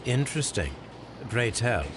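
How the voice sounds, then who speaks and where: An actor playing a calm, sardonic male detective, speaking in a dry, measured way. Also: medium pitch, noisy background. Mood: wry.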